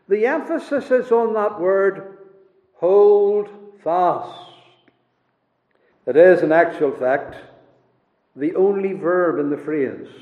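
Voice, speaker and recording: A man preaching a sermon in a slow, emphatic way, dropping to a hush at key words, recorded in a church. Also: high voice. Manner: slow, emphatic preaching with dramatic drops in volume. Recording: roomy, echoey church hall, dull lo-fi sound.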